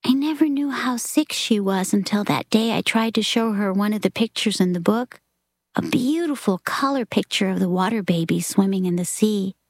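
A woman reading a story aloud in a soft, often half-whispered delivery. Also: mid-range voice, moderate pace, no room sound, studio quality. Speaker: reader.

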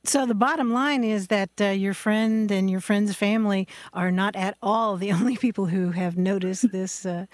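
A woman's voice: medium pitch, normal speed, few pauses, dry recording, clean studio sound. A woman co-hosting a call-in radio show, chatty and explanatory, with easy fillers.

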